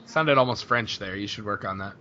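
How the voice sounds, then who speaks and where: A man's voice: fairly low pitch, brisk, pushed and bright. A man co-hosting a casual podcast, wisecracking and laughing often. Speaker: podcast co-host. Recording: dull sound with faint hiss.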